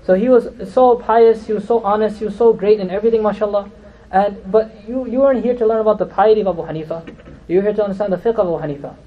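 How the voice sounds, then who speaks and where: Male Islamic teacher, quick and chatty storyteller, higher voice, muffled lo-fi recording. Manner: lively, conversational storyteller who slips in Arabic terms. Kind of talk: storytelling religious lecture.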